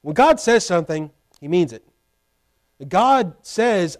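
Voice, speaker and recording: Male pastor, high voice, sermon, conversational, pleading when acting out prayers. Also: expressive, measured pace, darkish tone. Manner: acts out a pleading voice for quoted prayers; conversational preaching with repeated restarts.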